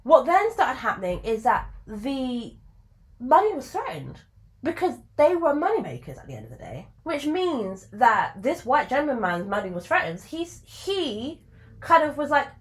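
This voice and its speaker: A woman telling a story to camera in a casual, chatty way, full of fillers and asides, her pitch jumping up for emphasis. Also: unhurried. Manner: chatty and animated, with sudden jumps in pitch for emphasis. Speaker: video creator.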